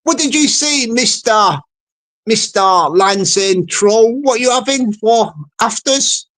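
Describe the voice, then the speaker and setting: A man voicing an innocent, trusting middle-aged woman with an English accent, who talks slowly and asks questions. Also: very high voice, animated, a bit bright, heavily acted. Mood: chatty.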